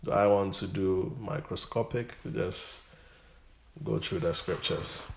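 Pastor, male, low voice, teaching Bible study; often repeats himself, then surges with emphasis. Roomy recording. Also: slow, vocal fry. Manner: repeats words, rises to emphatic bursts.

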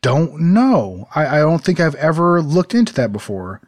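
A man's voice: fairly high pitch, big pitch swings, normal speed, a little mellow. A man chatting casually as a podcast co-host. He rambles, with many fillers and restarts, and he laughs easily. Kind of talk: casual chat. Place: home, desert city.

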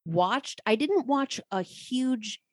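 A woman's voice: on the high side, lively intonation, takes it slowly, dry recording, studio quality. A woman, a narrator answering interview questions in a chatty, thoughtful way that often restarts mid-sentence. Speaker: audiobook narrator, guest.

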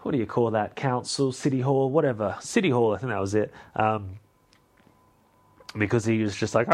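A man's voice: fairly low pitch, moderate pace, a little mellow. A man hosting a podcast, recapping a film in a rambling, casual way with swearing and self-corrections. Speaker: podcast host.

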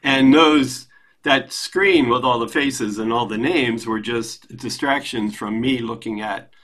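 A man's voice: mid-range voice, a little slow, a bit bright. A man speaking earnestly in a group discussion, emphatic and laughing at himself. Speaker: class participant.

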